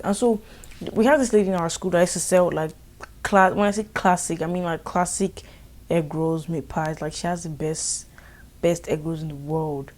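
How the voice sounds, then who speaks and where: A young woman with a Nigerian accent tells a school story for her vlog. She sounds animated and exasperated, and her voice sits on the lower side. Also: a little fast. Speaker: vlogger.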